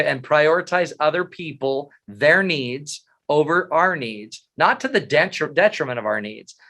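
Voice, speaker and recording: A middle-aged man giving a motivational talk, animated and self-mocking, telling funny stories. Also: fairly high pitch. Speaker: motivational speaker. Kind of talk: humorous storytelling talk.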